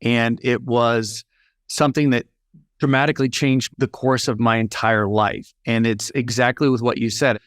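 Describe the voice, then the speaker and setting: A man of middle pitch telling a personal story as a podcast guest. He is animated and acts out each line of dialogue. The sound is dry and close to the mic. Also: normal speed, clear, resonant tone, dry recording.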